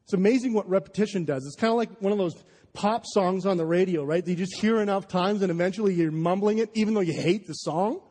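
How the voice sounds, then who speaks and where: High-voiced, fired-up preacher man. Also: fast, darkish tone. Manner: impassioned, emphatic, with stammering restarts. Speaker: pastor. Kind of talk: sermon. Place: large church hall. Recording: live sermon in a reverberant hall.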